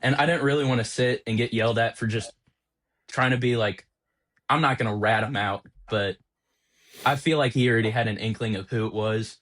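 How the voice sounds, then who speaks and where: A man's voice: medium pitch, a little fast. Young man telling an exasperated story. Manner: animated, exasperated storytelling with voiced reactions. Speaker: podcast co-host, automotive technician. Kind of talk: casual storytelling chat.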